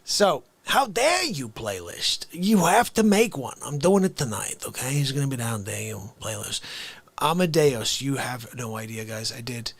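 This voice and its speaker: A man hosting a casual live stream who talks straight to his viewers, excitable and upbeat, jumping from loud bursts to quiet asides. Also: mid-range voice, normal speed, vocal fry, husky, no room sound. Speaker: livestream host.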